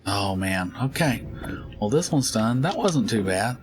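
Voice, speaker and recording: A middle-aged man with a drawl, chatting loosely as he plays a game. His voice sits on the low side, and he rambles from story to story with frequent laughter. Faint game sounds hum underneath. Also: lively intonation, unhurried. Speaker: gaming channel host. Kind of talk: casual chat while playing.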